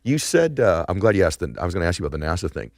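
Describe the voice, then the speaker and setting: A middle-aged American man hosting an interview, eager and quick to restart his questions, fond of catchy sayings. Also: sits low, very animated, creaky, a little mellow, no echo, clean studio sound. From United States. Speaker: podcast host. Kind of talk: interview conversation.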